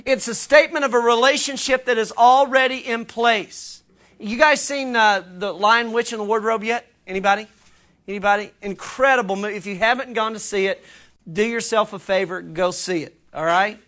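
A man's voice: extremely high pitch, normal speed, fairly bright tone. A man preaching a sermon as pastor, earnest and emphatic, with conversational asides to the congregation. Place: church.

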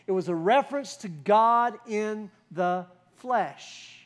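High-voiced man preaching a sermon. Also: lively intonation, takes it slowly. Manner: conversational preaching, rhetorical questions, emphatic builds. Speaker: pastor.

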